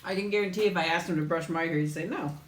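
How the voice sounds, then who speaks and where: A woman's voice: lowish voice, fast, reverberant. A woman hosting a casual live chat with viewers while eating. She tells stories in a chatty way and often laughs as she talks.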